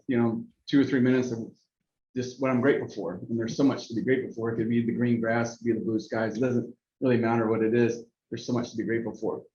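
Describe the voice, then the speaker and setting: A man speaking as a podcast guest, calm and reflective, agreeing easily. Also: medium pitch. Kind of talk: casual conversational podcast. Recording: roomy, slightly dull mic with faint noise.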